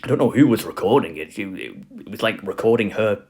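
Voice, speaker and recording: A man's voice: on the low side, animated, fast talker, a little mellow, husky. A man giving a casual spoken lecture, rambling with lots of fillers and asides.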